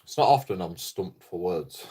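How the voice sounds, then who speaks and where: Low-voiced sweary man rambling. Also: lively intonation, measured pace, mellow, slightly rough. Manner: sweary, rambling, repeats himself, laughs at his own jokes. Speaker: livestreaming vlogger. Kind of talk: rambling casual livestream chat.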